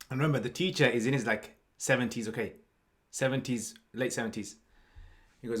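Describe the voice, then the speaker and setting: A man's voice: medium pitch, a little fast, a bit bright. A man, a mufti hosting a podcast, chatting casually and telling anecdotes with frequent laughs. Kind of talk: casual chat.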